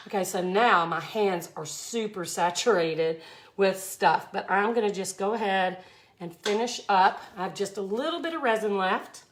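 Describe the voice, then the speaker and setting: A woman's voice: medium pitch, a little hiss or hum. Chatty Mississippi-accented woman teaching resin art. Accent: Mississippi Southern. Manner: chatty, effusive, exclaims often. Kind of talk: live art tutorial.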